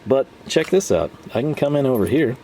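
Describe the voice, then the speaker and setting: A man's voice: medium pitch, animated, a little fast, a little mellow, slight background noise. A man chatting his way through a casual tool review, rambling and often laughing.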